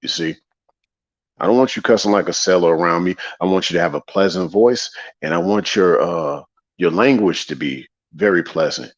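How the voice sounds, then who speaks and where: A man's voice: sits low, lively intonation, normal speed, vocal fry. A man hosting a casual livestream monologue, preachy and repetitive, greeting viewers in the chat between points. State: tired after a long day. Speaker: livestream host. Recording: slightly dull lo-fi audio.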